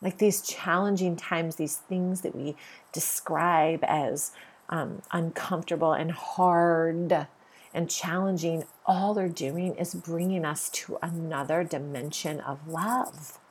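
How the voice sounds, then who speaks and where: A woman's voice: low-pitched, steady tone, slow, breathy edge. A middle-aged woman hosting a podcast, giving an earnest spiritual monologue and repeating her points for emphasis. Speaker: podcast host.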